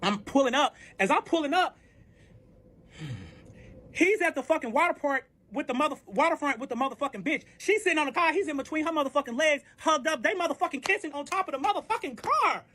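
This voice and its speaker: A man's voice: very high-pitched, animated, quick pace, pushed and bright. A man casually telling a heated personal story, swearing constantly and acting out both sides of arguments. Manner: profane, heated, reenacts arguments. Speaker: storyteller recounting a breakup.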